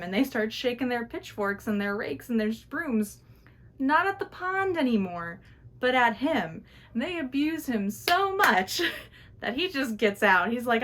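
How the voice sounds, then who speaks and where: A woman telling a folktale in a casual, chatty way, with fillers and sighs. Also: mid-range voice. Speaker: storyteller. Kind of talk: casual oral storytelling.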